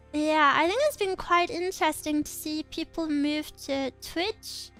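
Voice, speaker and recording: A woman's voice: high-pitched, a bit bright. A young woman streaming as a VTuber, chatting casually with a rambling, giggly way of talking.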